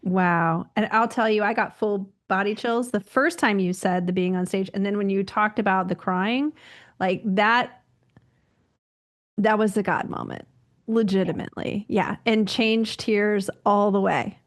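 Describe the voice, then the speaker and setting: A woman's voice: mid-range voice, fairly even intonation, measured pace. A woman hosting a faith podcast, affirming her guest with gushing praise and asking open questions. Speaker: podcast host. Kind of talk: interview conversation.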